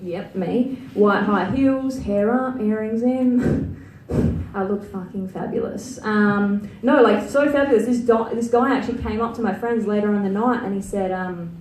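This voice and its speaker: A woman's voice: mid-range voice, unhurried, darkish tone, distant mic, a little hiss or hum. Crude Australian woman doing stand-up. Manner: crude, self-mocking, chatty with many filler likes. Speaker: stand-up comedian. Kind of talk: stand-up comedy set. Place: comedy venue stage. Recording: roomy live venue sound from afar.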